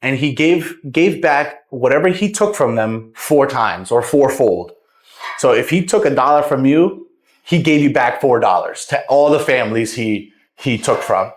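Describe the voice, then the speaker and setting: A man's voice: mid-range voice, lively intonation, unhurried, roomy sound. A young man casually retelling a Bible parable, rambling and repeating words as he goes. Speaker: vlogger.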